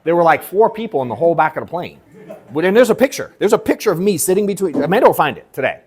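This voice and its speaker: A sales coach at an in-person workshop tells a slangy, profane story to a live audience in the event room. His voice is fairly high, husky and racing, and he animates the retelling by acting out quotes.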